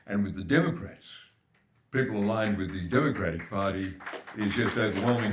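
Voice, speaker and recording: Older Australian man, very deep voice, emphatic keynote speaker, echoey hall. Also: normal speed. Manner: emphatic, building points with repetition. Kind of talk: public speech at a forum. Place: large hall at a live forum.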